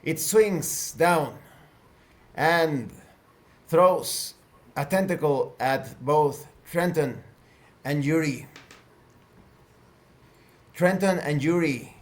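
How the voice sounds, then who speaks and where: Male game master, tabletop narration, slow deliberate pace, higher voice.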